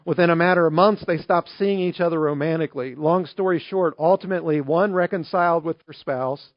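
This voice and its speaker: Storytelling male pastor, higher voice. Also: a little fast, dry recording. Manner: conversational storytelling, animated in anecdotes. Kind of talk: sermon. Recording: dry, slightly dull recording.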